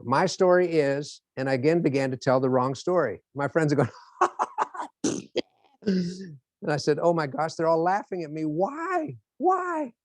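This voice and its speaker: A male motivational speaker with a fairly high voice who tells his stories in an animated way and acts out each scene. His delivery is dry and close. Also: creaky, dry recording. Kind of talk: motivational lecture.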